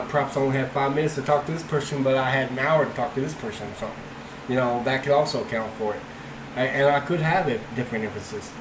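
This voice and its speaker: A man hosting an apologetics channel, giving casual commentary in a halting way with many fillers and restarts. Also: medium pitch, echoey room, background noise.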